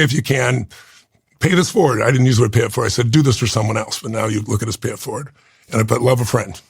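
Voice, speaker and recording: A man speaking as a podcast guest, recounting a personal story with earnest, halting delivery and frequent restarts. His voice has a rough, gravelly texture with a husky edge. The sound is dry and close, with no room echo. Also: mid-range voice. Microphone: studio podcast mic.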